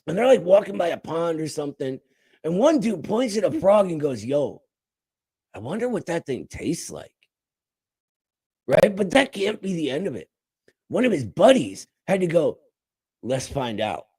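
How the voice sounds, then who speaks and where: A man's voice: high-pitched, gravelly, a little mellow, breathy edge. A man hosting a show, delivering a mock-outraged comedic rant full of sarcastic asides. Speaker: show host.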